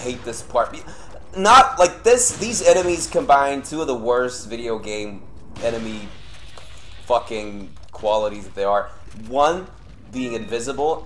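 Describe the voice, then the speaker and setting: Young male streamer, unhurried delivery, profane and volatile: mutters, then erupts in yells. Faint background hiss. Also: on the low side. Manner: swears often, swings between grumbling and yelling. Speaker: streamer playing a horror game. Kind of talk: live gameplay commentary.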